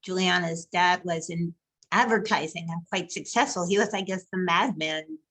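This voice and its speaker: A woman's voice: fairly low pitch, moderate pace, a bit bright, soft background music, rough recording. A woman interviewer in casual conversation who hesitates and restarts with fillers.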